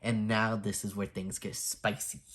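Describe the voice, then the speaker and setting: Low-voiced chatty woman vlogger. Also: little pitch movement, measured pace, fairly bright tone. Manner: chatty, laughing, acts out quotes. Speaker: movie reviewer and vlogger. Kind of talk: casual chat.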